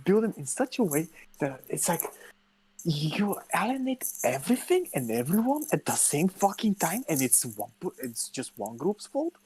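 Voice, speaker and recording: A man's voice: a little high, slightly rough. A young man co-hosting a podcast in casual chat, ranting and swearing often. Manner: swears constantly, ranting and animated. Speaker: podcast co-host.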